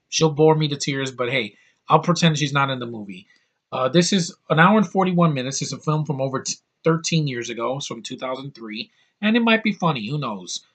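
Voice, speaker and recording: A man's voice: mid-range voice, a bit bright. Blunt, opinionated man in his thirties. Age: 30s. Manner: blunt, opinionated and rambling with crude outbursts. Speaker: YouTube reviewer. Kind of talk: casual DVD haul vlog.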